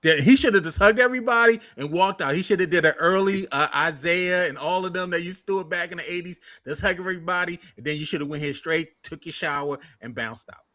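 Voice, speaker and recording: A man co-hosting a casual sports talk show, animated and jokey, loose with slang. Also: high-pitched, quick pace, hardly any pauses, no room sound, studio quality.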